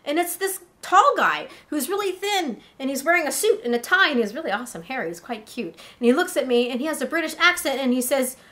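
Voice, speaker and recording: A woman casually telling a first-person adventure story in an animated way, as a vlogger. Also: sits high, brisk, hardly any pauses. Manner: animated, breathless tale-telling.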